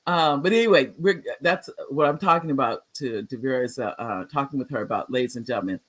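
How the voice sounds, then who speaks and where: Hosting his livestreamed talk show, a retired teacher in his sixties chats in a rambling way and greets viewers by name with excited upswings. He has a medium pitch, talks fast, and hardly pauses.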